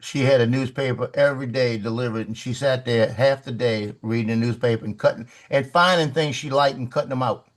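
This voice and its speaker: A man's voice: medium pitch, brisk, few pauses. A man telling a basketball story on a video call, acting out the quoted lines. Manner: animated, acts out quoted lines. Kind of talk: casual storytelling.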